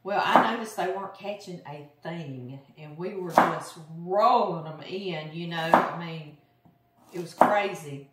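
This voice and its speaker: A middle-aged woman with a Louisiana accent, hosting a cooking video and telling a long, sarcastic family fishing story in a chatty, animated way. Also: fairly low pitch, a little slow, very noisy. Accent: Southern US, Louisiana. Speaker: cooking channel host. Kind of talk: casual storytelling while cooking. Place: home kitchen. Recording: roomy kitchen, mic at a distance. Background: chopping and kitchen clicks.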